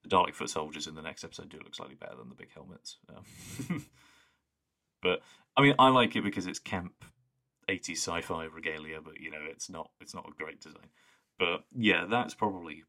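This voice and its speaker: Deep-voiced guy rambling on a podcast, lots of likes. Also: normal speed, sharp tone. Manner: rambling, enthusiastic, full of "like" fillers. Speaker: podcast co-host. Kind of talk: casual chat.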